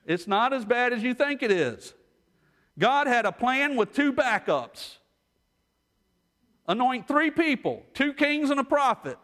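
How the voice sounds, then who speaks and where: A man preaching a sermon as pastor, telling stories and moving between hushed asides and rising intensity. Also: extremely high pitch, very animated, a little slow, long pauses. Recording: long hall reverb.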